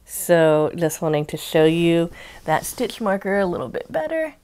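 A chatty woman hosts a casual crafting unboxing vlog, her voice sitting a little low. She rambles along with plenty of ums and laughs easily as she talks. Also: very animated, moderate pace, darkish tone, smooth. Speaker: crochet channel host.

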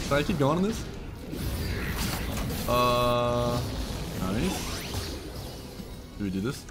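A young man giving excited, laughing commentary while playing a video game, with loud yelps between mumbled asides. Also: medium pitch, extremely slow, pauses often. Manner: hyped, yelling bursts and mumbled asides; laughs often. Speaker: streamer. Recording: game music behind voice. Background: game music.

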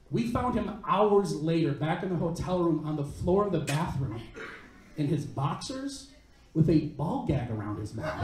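A brash stand-up comedian with a high-pitched voice tells a crude story in a punchy style. He is recorded from a distance in a roomy, echoey comedy club. There is faint hiss under him. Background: audience laughter.

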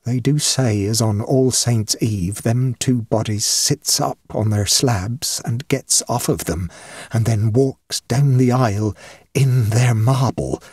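A man voicing an old superstitious countrywoman housekeeper, slow and ominous in rustic dialect, husky. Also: medium pitch, darkish tone, no echo, studio quality.

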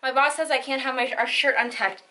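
A woman's voice: sits high, steady tone, a little fast, pushed and bright. A woman voicing a worried young woman viewer who complains while asking for advice.

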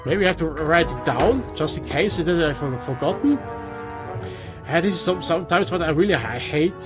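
A man with a Swiss German accent, a native Swiss German speaker, giving halting gameplay commentary in English with many restarts. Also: on the high side, lively intonation, over music. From Switzerland. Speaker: let's player.

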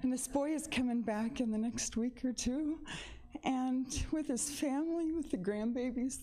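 A woman's voice: sits high, moderate pace, warm tone. A middle-aged woman giving a rambling, emotional testimony in church, close to tears and laughing between sentences. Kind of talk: spoken testimony. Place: church sanctuary.

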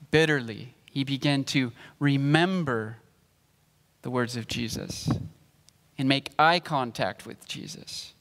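A pastor preaching a sermon, explaining scripture and reading verses aloud in a measured way. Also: male voice, mid-range voice, a bit bright, long reverb tail. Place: church sanctuary.

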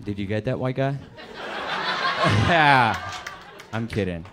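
A young Colombian man performing a stand-up comedy set on a club stage, jumping into quick put-on voices. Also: on the low side, expressive, very noisy. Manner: quick asides and put-on voices for quoted people.

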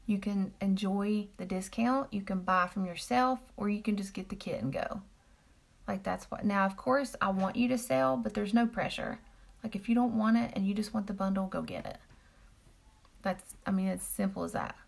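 A woman's voice: medium pitch, lively intonation, moderate pace, gravelly. A woman chatting casually with viewers on a live stream while she applies makeup and talks about the products. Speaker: makeup seller doing a live demo.

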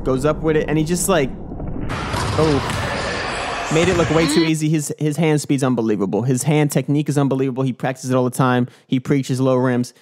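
A young man who vlogs about dunking hosts his own podcast, rambling casually in a hyped, joking bro style full of swearing. His medium-pitched, darkish voice holds a steady tone at a fairly quick pace.

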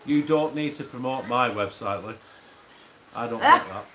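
A man's voice: medium pitch, moderate pace, noisy background. A man hosting a casual live stream, joking, swearing freely and reading out chat messages. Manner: swears a lot, jokey, reads chat messages aloud. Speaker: host.

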